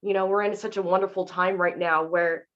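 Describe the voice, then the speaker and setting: Woman voiceover actor on a panel, earnest and reflective, lowish voice, dull lo-fi audio. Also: fairly even intonation, a little fast, a bit bright. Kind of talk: panel discussion.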